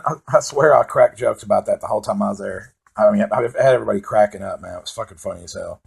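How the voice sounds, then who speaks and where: A man's voice: fairly low pitch, fast talker, creaky, few pauses, a little mellow, breathy edge. A man doing rambling, profane stand-up storytelling, full of fillers. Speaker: comedian. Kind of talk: stand-up monologue.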